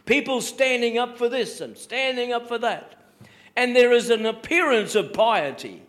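A man's voice: sits high, fairly bright tone. A man preaching a sermon as a pastor, emphatic, repeating phrases and asking rhetorical questions.

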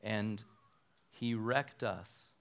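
Male pastor, middle-aged, low smooth voice, sermon storytelling with acted-out dialogue. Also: very slow, a bit bright. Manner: storytelling, acting out quoted dialogue. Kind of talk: sermon testimony.

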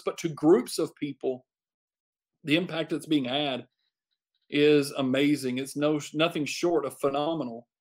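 Emphatic preacher man, slightly high voice. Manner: emphatic, repeats phrases for effect. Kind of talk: sermon.

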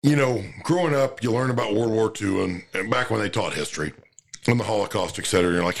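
A man's voice: lowish voice, fast talker, gravelly. A man, a farmer, talking in a rambling, profane way with many restarts in a casual podcast chat.

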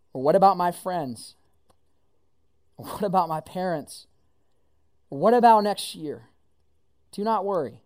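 A man preaching a casual, animated sermon, explaining scripture and acting out lines. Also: high voice.

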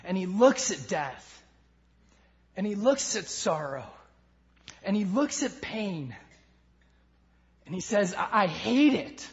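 High-voiced impassioned male preacher. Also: very animated, takes it slowly, pauses often, highs cut off. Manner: impassioned preaching, swinging between loud emphasis and hushed lines. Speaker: pastor. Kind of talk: sermon.

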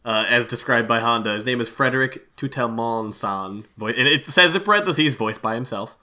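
A man's voice: mid-range voice, moderate pace, pushed and bright. A man co-hosting a casual podcast, retelling scenes with restarts and acted-out quotes. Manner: chatty, stumbles and restarts while retelling. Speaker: podcast co-host. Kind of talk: casual chat recapping an anime.

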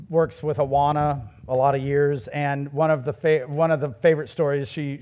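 Man preaching, lively and conversational. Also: on the high side. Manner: conversational preaching with shifts between loud emphasis and soft asides. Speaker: pastor. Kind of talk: sermon.

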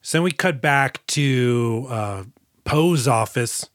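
A man co-hosting a podcast, recapping an action movie in casual chat and slipping into quick mock voices. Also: medium pitch, expressive, a bit bright, no echo, clean studio sound. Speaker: podcast co-host.

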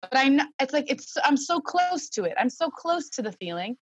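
A woman's voice: high-pitched, very animated, normal speed, highs cut off, slight background noise. A young woman speaking candidly as a podcast guest, reflective and open, with many fillers.

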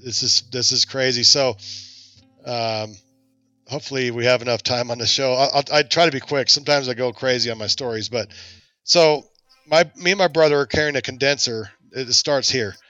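A podcast host tells a long story in casual conversation, animatedly acting out the voices of its characters. His medium-pitched voice runs at normal speed. The audio is dull with no echo, and soft music plays in the background.

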